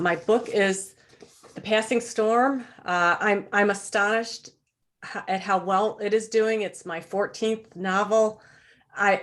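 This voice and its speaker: A woman from Ohio, a guest author, introducing her book haltingly over a video call, full of restarts and close to tears. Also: mid-range voice, fairly bright tone. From Ohio, USA. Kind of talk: nervous self-introduction at a virtual event.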